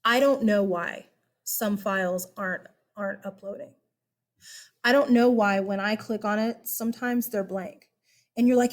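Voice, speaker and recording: A woman's voice: on the high side, moderate pace. Chatty, upbeat woman teacher. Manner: chatty and upbeat, laughing, with many fillers. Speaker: high school history teacher. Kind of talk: casual online class instruction.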